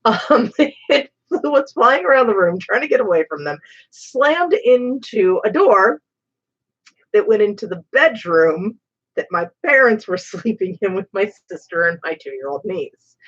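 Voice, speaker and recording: A woman hosting a stream, telling a story in a casual, animated way with some swearing. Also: medium pitch, a little slow, lo-fi sound. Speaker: streamer host. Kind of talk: casual storytelling while painting.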